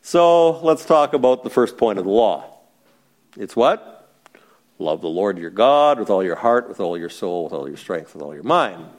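A man's voice: fairly low pitch, very animated, normal speed. A middle-aged man as a pastor, teaching a Bible study in a conversational, joking way and asking the group questions.

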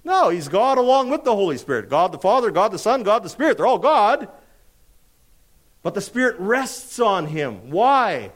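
Male preacher, high voice, very lively pitch, emphatic, rhetorical questions, dramatic slowdowns. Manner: emphatic, asks rhetorical questions and answers them; dramatic slowdowns on key phrases. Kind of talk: expository sermon.

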